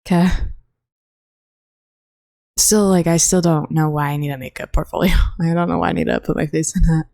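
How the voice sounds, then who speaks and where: A young woman hosting a casual solo podcast into her own microphone, rambling, swearing and sounding flatly bored. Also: low-pitched, moderate pace, vocal fry, dry recording, studio quality. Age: young adult. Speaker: college student podcast host. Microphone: own desk microphone.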